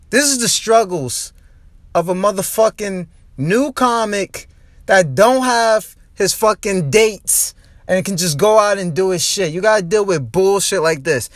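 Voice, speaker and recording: A man's voice: sits high, measured pace, no room sound. Fired-up young man ranting, profanity-laced. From New Jersey. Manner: heated, profane, frustrated ranting. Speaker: podcast host and comedian. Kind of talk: angry ranting podcast monologue. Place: in his car.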